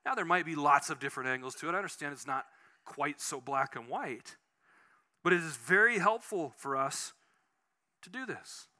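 A man preaching a conversational sermon as pastor, animated and telling personal stories, often restarting his sentences. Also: a little high, normal speed.

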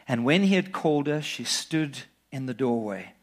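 A man's voice: mid-range voice, animated, moderate pace, few pauses. A middle-aged man preaching a sermon, reading scripture aloud and telling personal stories in an earnest manner. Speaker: pastor.

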